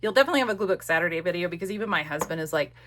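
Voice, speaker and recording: A woman's voice: on the low side, expressive, racing, a bit bright, slight background noise. A woman chatting casually and rambling with many fillers in a crafting vlog, recorded at home on a desk camera. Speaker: crafting vlogger.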